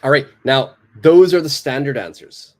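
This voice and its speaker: A man teaching a live online English lesson, patiently repeating example sentences in a clear, careful way. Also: mid-range voice, moderate pace.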